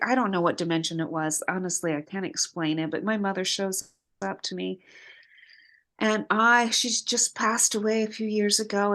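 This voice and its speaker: A woman retreat guest telling an emotional story in casual conversation, animated and expressive. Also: mid-range voice.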